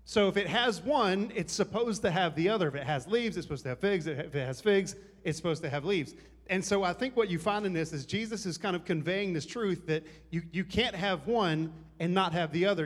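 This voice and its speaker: A man preaching a sermon in a conversational, joking way, teasing the congregation. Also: high voice. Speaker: pastor. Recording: long hall reverb.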